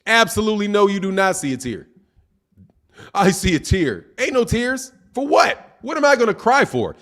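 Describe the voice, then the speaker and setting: This boxing channel host is a man whose voice sits high, swings widely in pitch, and sounds brisk and slightly bright. Running a live stream, he reads the chat and answers with combative teasing, sprinkling in plenty of "man" and "dog."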